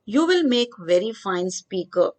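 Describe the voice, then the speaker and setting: A woman teaching grammar. She reads each worksheet example slowly, then explains the answer step by step. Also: medium pitch, big pitch swings, a little mellow. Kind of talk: worksheet walkthrough lesson.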